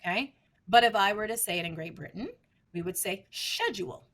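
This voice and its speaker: A woman's voice: medium pitch, a little fast, fairly bright tone. A middle-aged woman researcher, a guest in an interview, explaining her field in an emphatic, teacherly way. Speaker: speech language researcher, guest.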